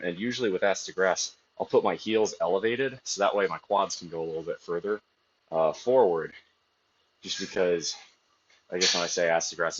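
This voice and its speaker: A man with a low, husky voice chats casually between sets while streaming live from a gym, opinionated and swearing freely. The audio is dull and lo-fi.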